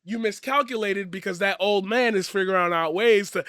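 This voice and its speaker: A man giving a profane, blunt commentary rant, swinging from loud shouting to quiet earnest talk. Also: sits high, moderate pace, no room sound, studio quality. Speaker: commentary streamer. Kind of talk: ranting commentary.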